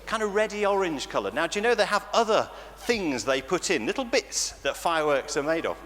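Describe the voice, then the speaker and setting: A man with an English accent leading an all-age church talk for children, animated and playful, often laughing. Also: a little high, a little fast. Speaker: church leader. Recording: church reverb with faint noise.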